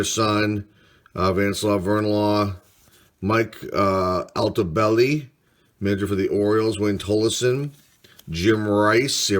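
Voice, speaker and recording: A man's voice: low-pitched, a bit bright. A man hosting a casual card-opening video, reading off player names one by one with mild enthusiasm. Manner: unhurried, reads names aloud, mild enthusiasm. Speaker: card collector host. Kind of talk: casual card-break commentary.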